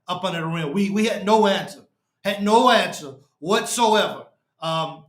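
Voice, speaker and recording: A man's voice: very high-pitched, fairly bright tone. A man hosting a fan show, ranting after a game, frustrated and repetitive. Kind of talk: post-game fan rant. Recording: echoey room.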